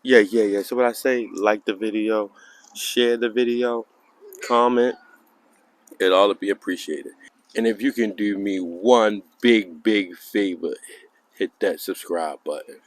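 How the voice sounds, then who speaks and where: A man's voice: fairly even intonation, unhurried. Man chatting about his dogs. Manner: talks to his dogs in a high coaxing voice. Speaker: vlogger filming his dogs. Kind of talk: casual chat to viewers. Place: outdoors in a yard.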